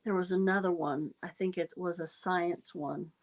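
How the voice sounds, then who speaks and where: A woman's voice: lowish voice, steady tone, moderate pace. A woman hosting a casual trivia livestream, chatting and reading quiz questions aloud. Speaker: livestream host.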